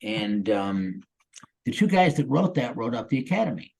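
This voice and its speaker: A man's voice: medium pitch, big pitch swings, normal speed, gravelly, a little mellow, husky, rough recording. A man in his sixties from the Chicago area, a guest actor telling stories in a casual interview, rambling and upbeat with lots of "you know" and "um". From Chicago area, USA. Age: 60s.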